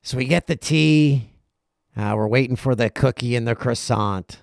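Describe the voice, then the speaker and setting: A middle-aged man with a gravelly edge hosts his podcast, telling a casual story and popping into quick voices for the people in it. His voice sits at an ordinary pitch, and the recording is dry and close. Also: dry recording. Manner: animated, acts out other people's lines in quick asides. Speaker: podcast host.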